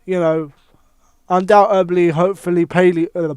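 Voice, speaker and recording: High-voiced, swearing wrestling pundit man. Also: moderate pace, smooth, no room sound. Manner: animated, heavy swearing, thinks aloud with restarts. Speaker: wrestling commentator. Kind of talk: casual wrestling opinion monologue.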